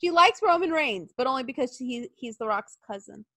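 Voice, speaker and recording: A woman co-hosting a casual chat, telling stories quickly with swearing and impressions. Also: high voice, no room sound. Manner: animated, quick, profane storytelling with impressions. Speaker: podcast co-host.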